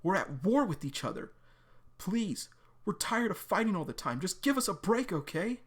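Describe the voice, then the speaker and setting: A man's voice: mid-range voice, moderate pace, close to an everyday voice. A man voicing a determined young woman in a webcomic read-aloud, pleading earnestly with a friend. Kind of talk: reading a webcomic aloud with voices.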